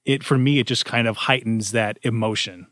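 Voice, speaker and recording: A man's voice: medium pitch, fairly even intonation, normal speed, a bit bright, no echo, clean studio sound. A man co-hosting a comedy podcast, talking eagerly about a sketch and saying "like" a lot. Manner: enthusiastic, heavy use of "like". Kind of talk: casual discussion of sketch comedy.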